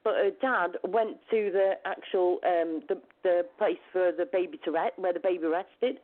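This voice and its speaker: A woman's voice: on the low side, moderate pace. A woman hosting a talk show, telling a long personal story in a chatty, rambling way. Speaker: show host. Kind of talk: casual storytelling chat. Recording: phone-like lo-fi call audio.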